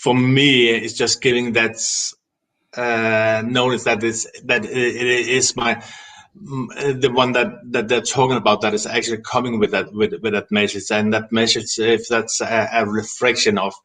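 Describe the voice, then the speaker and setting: A man talking as a guest about spiritualism, reflective and halting, with frequent hesitations and restarts. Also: medium pitch, level tone, bright, forceful tone. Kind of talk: casual spiritual discussion.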